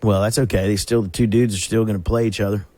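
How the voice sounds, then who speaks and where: A man's voice: lowish voice, little pitch movement, fast, warm tone, no room sound. A man co-hosting a podcast, joking, teasing and steering the talk along. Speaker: podcast co-host. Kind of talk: casual podcast banter.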